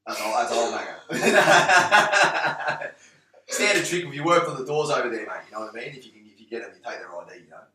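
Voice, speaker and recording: A man's voice: mid-range voice, animated, a little fast, a crowd in the background. A man in casual podcast chat, rambling through stories with lots of "mate" and "you know". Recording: roomy, distant mic.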